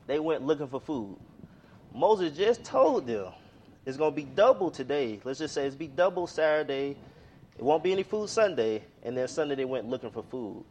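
A man's voice: medium pitch, a little mellow, a little hiss or hum. Conversational man preaching a sermon. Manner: conversational storytelling, reads scripture aloud.

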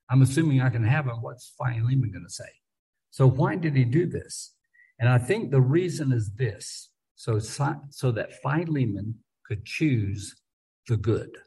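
A man's voice: mid-range voice, dark tone, husky, rough recording. A man teaching a Bible study in a conversational way, thinking aloud with frequent restarts and repeated words.

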